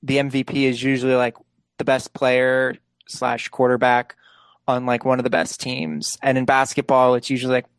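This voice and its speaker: A young man talking sports in an easygoing podcast chat, his sentences padded with "like" as he thinks aloud. His voice sits at an ordinary middle pitch. The sound is dry and close, with no room around it. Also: moderate pace, clear, resonant tone, no echo. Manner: relaxed, leans heavily on "like" fillers. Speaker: podcast co-host.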